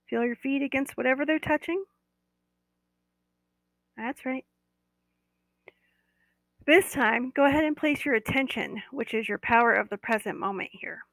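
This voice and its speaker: A woman with a slightly high, gravelly voice guides listeners through a body-awareness meditation, soothing and coaxing as she repeats her cues. The sound is close and dry, with no room around it. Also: a bit bright, no room sound, rough recording.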